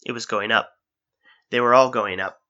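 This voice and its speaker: A man narrating an adventure story in a steady, engaged reading style, on a dull lo-fi recording. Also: on the low side, moderate pace.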